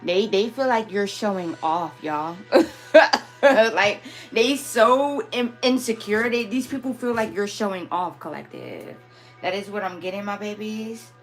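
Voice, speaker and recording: A woman's voice: medium pitch, animated, moderate pace, faint music behind. Chatty woman doing a live phone stream. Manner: affectionate, chatty, calls viewers "my babies" and "y'all". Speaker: spiritual reader hosting a live stream. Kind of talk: casual live-stream reading. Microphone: phone camera.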